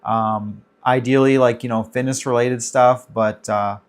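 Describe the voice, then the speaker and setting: A man's voice: mid-range voice, fairly even intonation, measured pace, smooth. A man in his thirties hosting a casual livestream Q&A, chatting loosely and greeting viewers by name as he reads the chat. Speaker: livestream host.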